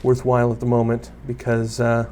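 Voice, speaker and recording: A young man talks his way through a block-building game in a loose, rambling stream, often poking fun at himself and chatting with the creatures he meets. His voice sits at an ordinary middle pitch. A faint hum of ambient noise stays under the recording. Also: monotone, brisk, mellow. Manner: rambling, self-deprecating, talks to viewers and mobs. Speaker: gaming YouTuber. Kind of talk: casual Let's Play commentary.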